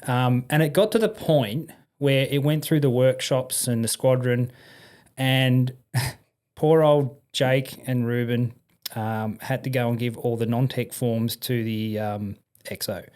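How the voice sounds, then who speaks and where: Australian man spinning lively army yarns. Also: mid-range voice, slow pace, clean tone. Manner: animated, acts out voices in anecdotes, laughs often. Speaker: podcast guest, army and police veteran. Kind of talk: casual storytelling.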